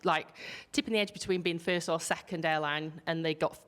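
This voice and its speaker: A woman with a Yorkshire accent, a panel guest and business founder, telling a lively anecdote, acting out quotes and swearing casually. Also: sits low, fairly quick, clean tone. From Yorkshire, England.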